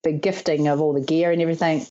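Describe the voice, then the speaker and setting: A woman from New Zealand, a stunt performer in her thirties, talks fast in a low-sitting voice through lo-fi audio. In a casual interview she tells stories animatedly, often laughing and acting out what others said.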